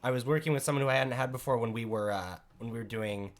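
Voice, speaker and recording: Jokey co-host voice of middling pitch, casual podcast banter. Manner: jokey, quick to interrupt. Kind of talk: casual chat.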